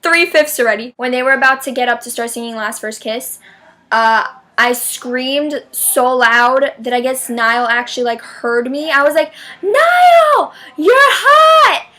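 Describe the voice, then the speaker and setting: A young woman excitedly telling a concert story in a casual vlog, full of "like" and sudden shrieks. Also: normal speed. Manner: gushing fan, shrieks names in high bursts; heavy "like" filler, chatty and dramatic. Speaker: vlogger.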